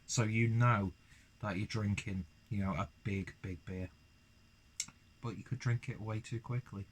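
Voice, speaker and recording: A man's voice: on the low side, fairly even intonation, measured pace, a little hiss or hum. A young man chatting through a beer review, rambling and self-deprecating, with lots of fillers. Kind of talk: casual beer review vlog.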